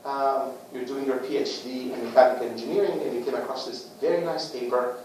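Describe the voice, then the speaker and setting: A man presenting a book to a small group in a casual talk, with lively rhetorical questions and acted-out little scenes. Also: medium pitch, a little fast. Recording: echoey room, far from the mic, faint noise.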